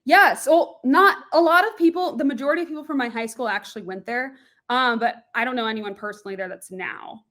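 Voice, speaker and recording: A young woman with a slightly high voice talks as a podcast guest. She chats in a quick, animated way and laughs easily. Her speech is a plain general American. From Florida. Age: young adult. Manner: lively, quick, laughs often, animated asides. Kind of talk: casual interview chat.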